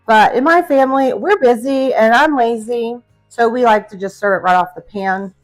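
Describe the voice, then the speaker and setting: Cooking in her home kitchen, a middle-aged cooking channel host chats upbeatly with her viewers, addressing them as guys and friends. She speaks at a moderate pace in a slightly high voice, with soft music playing behind her.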